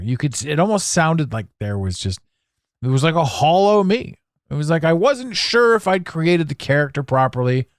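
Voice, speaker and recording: A man hosting a solo podcast monologue, animated and theatrical, swearing now and then. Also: mid-range voice, no room sound, studio quality. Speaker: podcast host.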